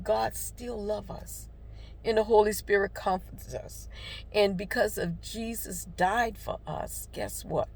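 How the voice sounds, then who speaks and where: In a mid-range, slightly mellow voice, the older devotional vlogger gives a casual testimony from her life. It's heartfelt and rambling, packed with fillers, and ends in faith-based encouragement.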